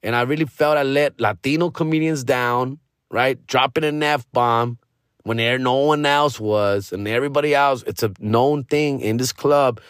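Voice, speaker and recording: A man's voice: medium pitch, moderate pace, clean tone, no echo, clean studio sound. A middle-aged man, a stand-up comedian hosting his own podcast, telling a story in a casual, profane way full of street slang and bits of Spanish. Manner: profane, slangy, peppered with "fool" and "dog", drops into Spanish slang.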